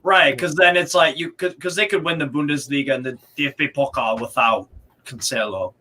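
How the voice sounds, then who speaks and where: A man's voice: on the high side, a little fast, bright, forceful tone. A man in casual chat, eagerly laying out football details. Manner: eager, detailed football talk, restarts words.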